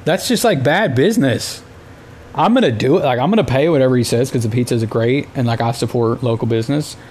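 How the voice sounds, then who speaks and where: A man's voice: medium pitch, fairly quick, darkish tone, a little hiss or hum. A man from the United States hosting a casual solo podcast, telling rambling, exasperated stories with plenty of filler words. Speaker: podcast host.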